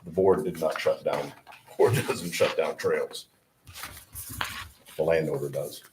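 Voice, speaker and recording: A man with a deep, low voice speaks at a town board meeting in a town hall room. He talks haltingly, stopping and correcting himself. Faint background noise runs under the recording. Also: fairly even intonation. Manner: halting, self-correcting, apologetic. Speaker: select board member.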